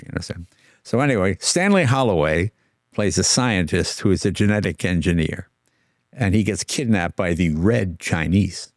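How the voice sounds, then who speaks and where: An older man chatting in an interview with a lively, bouncing pitch that swings up and down. He tells stories and briefly mimics the people in them, often restarting his sentences. The sound is close and dry with no room echo. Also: moderate pace. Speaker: guest. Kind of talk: casual storytelling interview.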